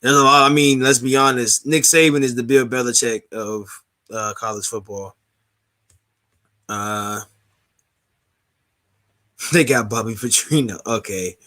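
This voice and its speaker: Podcast co-host: man, bright and forceful, animated and rambling, casual sports talk. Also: medium pitch. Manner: animated, rambling, halting restarts.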